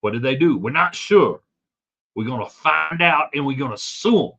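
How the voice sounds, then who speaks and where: A man's voice: mid-range voice, very animated, fairly quick, sharp tone, slightly rough, highs cut off, heavily acted. A man putting on a mocking drawl to play a blustering male politician vowing to sue. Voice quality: drawling mock twang.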